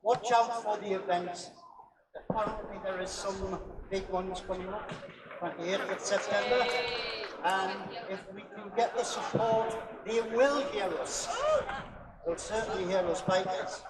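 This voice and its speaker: A man's voice: sits high, steady tone, a little slow, roomy sound. A man speaking for a biker group at a rally, plainly urging people to keep supporting the cause. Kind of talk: outdoor rally speech. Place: outdoors at a street rally. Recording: distant mic outdoors with very loud crowd.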